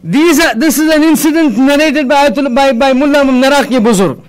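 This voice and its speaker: A man preaching a sermon, telling a story with animation and acting out the lines of the people in it. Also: fairly quick. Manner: animated storytelling, acting out the dialogue with big swings in loudness and pitch.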